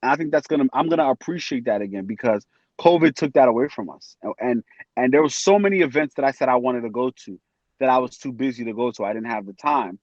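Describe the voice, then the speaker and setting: A man talking as a podcast guest in an animated, casual way, acting out his friends' voices as he tells stories. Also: medium pitch, quick pace, no echo. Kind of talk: casual chat. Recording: dry, dull lo-fi sound.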